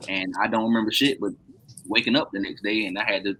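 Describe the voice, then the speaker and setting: A man's voice: on the low side, fast, slight background noise, low-quality recording. A man casually telling a long story to his friends, laughing often and acting out what people said. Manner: animated, laughs often, acts out quoted dialogue. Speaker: podcast co-host telling a story.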